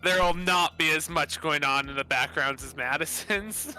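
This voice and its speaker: A man with a very bright, sharp voice set a little high chats casually as a tabletop player. His remarks come out dry and joking, over faint music. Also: moderate pace, poor audio. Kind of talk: casual chat.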